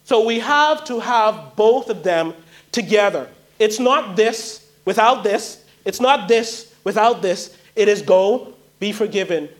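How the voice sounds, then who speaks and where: A man preaching a sermon, emphatic and pleading, repeating key phrases for weight. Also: sits high.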